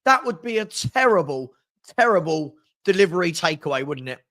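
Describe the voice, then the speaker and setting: A man's voice: on the high side, big pitch swings, moderate pace, bright, forceful tone. A man hosting a live football scores show, chatting casually and teasing his panel with quiz questions.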